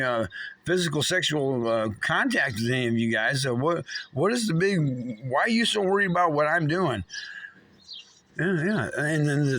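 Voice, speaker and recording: A man's voice: on the high side, fairly bright tone, a little hiss or hum. A man telling his own story in an angry, rambling monologue, swearing often and stumbling through many restarts. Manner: profane, agitated, halting with many restarts.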